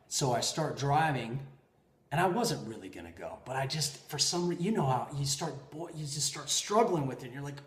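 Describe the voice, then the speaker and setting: A man hosting a podcast, telling personal stories in an animated way, swinging between loud bursts and quiet asides. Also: medium pitch, moderate pace. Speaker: podcast host. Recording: roomy echo.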